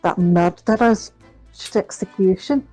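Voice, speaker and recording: A woman's voice: mid-range voice, slow, warm tone, slightly rough, faint music behind. Woman doing a sly Scottish prison governor. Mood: wry. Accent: put-on Scottish. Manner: dialect-heavy, wry reading of game lines. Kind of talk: reading game dialogue aloud.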